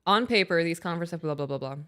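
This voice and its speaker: A woman in her thirties co-hosting a casual podcast, reading aloud and telling animated stories about her kids. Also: fairly low pitch, racing, clean tone. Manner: animated storyteller, acts out her own raised voice. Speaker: podcast co-host.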